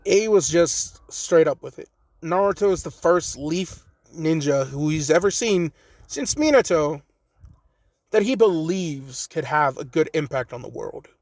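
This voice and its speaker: Male narrator, casual fan-story telling, rambly, slightly high voice, dry close mic. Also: lively intonation, a little slow, a little mellow, no echo. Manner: rambling, many "you know" fillers.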